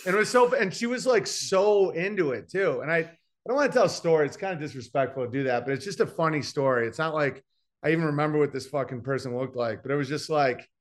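A man's voice: on the high side, animated, fast talker. A man, a comedian guest on a podcast, telling brash stories in a rambling, filler-heavy way. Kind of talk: casual podcast chat.

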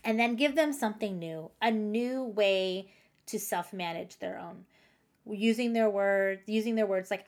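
A woman's voice: mid-range voice, moderate pace, darkish tone. A middle-aged woman hosting a parenting podcast, giving casual, encouraging advice with frequent light laughs. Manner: chatty and encouraging, laughs often, acts out parent and child lines.

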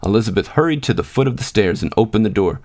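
A man reading a short story aloud in a measured, unhurried narration. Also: lowish voice, expressive, darkish tone. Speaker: podcast host and reader. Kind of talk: scripted narration.

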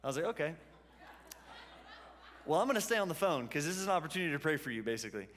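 A man's voice: on the high side, big pitch swings, very fast, a bit bright. A man preaching a sermon to a church congregation, telling stories in a conversational way. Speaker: pastor. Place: church hall. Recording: long hall reverb.

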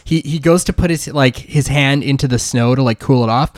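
A man's voice: medium pitch, a little fast, dry recording, studio quality. A man running a tabletop game as game master, narrating gory scenes playfully with lots of fillers. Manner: playful, graphic storytelling with many fillers.

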